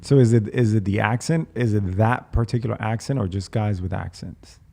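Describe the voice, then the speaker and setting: A man talks casually as a podcast guest, friendly and quick to laugh, often tripping over his words and starting again. His voice is gravelly and warm in tone. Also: lowish voice. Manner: friendly, laughing, stammers and restarts.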